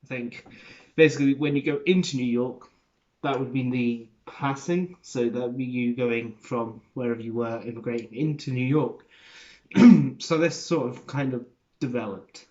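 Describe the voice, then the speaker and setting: A man's voice: medium pitch, moderate pace, a little mellow, dull audio. A young man explaining a topic in casual talk, rambling and unsure, often restarting and correcting himself. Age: young adult. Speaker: video creator explaining an accent.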